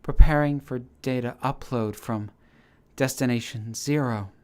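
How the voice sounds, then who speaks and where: A man voicing a damaged female ship AI in a storybook reading, with a scratchy, trembling, halting voice. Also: medium pitch, clear, resonant tone, close to an everyday voice. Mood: strained. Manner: halting, broken-up phrases.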